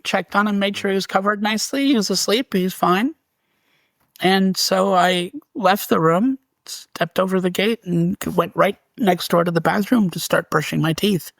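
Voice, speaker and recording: A man with a gravelly, fry-tinged voice tells a personal story as an interview guest. He talks casually and animatedly, restarting sentences and laughing briefly. The sound is dry and close. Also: high-pitched, steady tone, moderate pace, dry recording.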